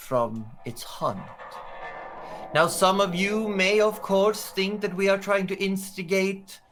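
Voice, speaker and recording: A man's voice: a little high, a bit bright, voice pushed up. A man playing a regal woman headmaster. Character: regal stately woman headmaster giving a public speech.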